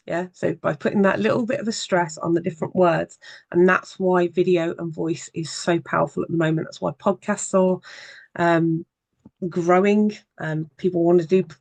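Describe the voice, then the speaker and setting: Workshop trainer with a gravelly voice and dry, close sound, talking through tips conversationally with frequent pauses. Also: medium pitch, steady tone, no echo. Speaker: social media marketing trainer. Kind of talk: evening workshop presentation.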